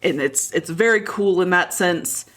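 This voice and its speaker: A woman's voice: lowish voice, measured pace, fairly bright tone. A woman podcast host recapping a book in casual chat, frank and profane.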